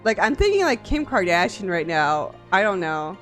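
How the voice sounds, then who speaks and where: A woman's voice: medium pitch, very animated, normal speed, faint music behind. Playful, gushing woman streamer. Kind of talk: casual live-stream chat.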